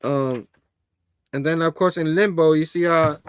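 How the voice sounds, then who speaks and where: Male comic review host, slightly high voice, loose and chatty with frequent laughs, dry close-miked sound. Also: measured pace, smooth, dry recording. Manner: loose and chatty, laughs often, reads comic dialogue aloud. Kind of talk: casual rambling comic recap.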